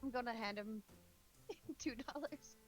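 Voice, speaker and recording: A woman's voice: on the high side, unhurried, faint music behind. A woman playing a tabletop game, hesitantly declaring her character's actions. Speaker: player.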